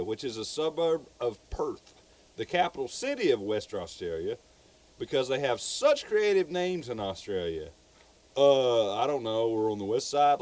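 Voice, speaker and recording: A man's voice: on the high side, a little mellow. Man, Southern US accent, podcast co-host, casual true crime storytelling, rambling, swearing. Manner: rambling, repeats words, swears freely.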